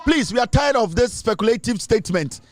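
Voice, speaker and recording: A man's voice: very high voice, lively intonation, fairly quick, no echo, soft background music. A Ghanaian man giving impassioned commentary, lecturing emphatically and switching between English and Twi. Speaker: online commentator.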